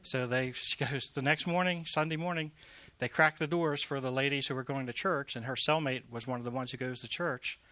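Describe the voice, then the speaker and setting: A man working in prison ministry tells an emphatic, animated faith testimony with repeated phrases. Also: mid-range voice, brisk, hardly any pauses, no room sound. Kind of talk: testimony storytelling.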